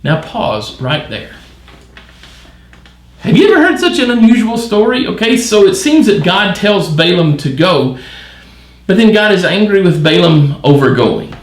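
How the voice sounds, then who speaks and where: Animated man teaching a Bible lesson. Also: high voice, a little slow, roomy sound. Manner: animated, wondering aloud with many questions. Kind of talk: midweek Bible study reading and commentary.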